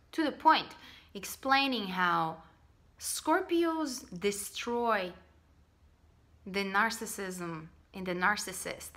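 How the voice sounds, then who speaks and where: A woman's voice: mid-range voice, bright, forceful tone. A woman talking in a casual spiritual vlog, blunt and emphatic. She swears freely and repeats phrases to drive her points home. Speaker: spiritual vlogger. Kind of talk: casual spoken monologue.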